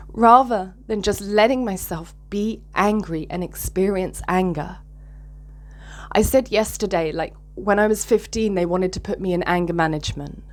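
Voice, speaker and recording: A woman's voice: medium pitch, normal speed. A candid woman talks straight to camera in a loose, reflective vlog monologue. She speaks openly and emotionally about her feelings and swears freely as she thinks aloud. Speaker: vlogger.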